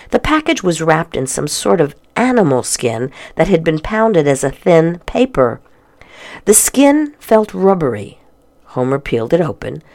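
Expressive low-voiced woman storyteller. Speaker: narrator. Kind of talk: reading a children's adventure story aloud.

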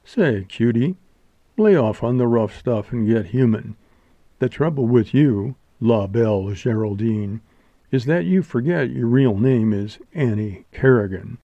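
A pompous, sulky young actor with slangy mock-solemn lines, read by a man in an audiobook. The tone is dark and mellow. The sound is dry and dull, like a lo-fi home recording. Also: medium pitch, animated, unhurried, no room sound. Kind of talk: audiobook character voice.

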